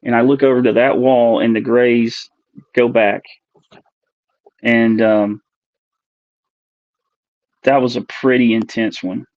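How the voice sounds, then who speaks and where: A man in his forties tells his story earnestly, stopping and restarting as he hunts for the right words. His voice sits at a middling pitch. The recording is dull, lo-fi and dry, with no room sound. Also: flat delivery, a little mellow, dry recording. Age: 40s. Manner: earnest, halting, searching for words. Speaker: podcast guest. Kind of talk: recounting a personal experience.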